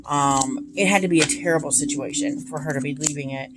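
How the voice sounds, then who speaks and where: Low-pitched lady rambling happily, lots of ums, kinda noisy home recording. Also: fairly quick. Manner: chatty, gushing, many ums. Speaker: tarot deck reviewer. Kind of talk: casual chat.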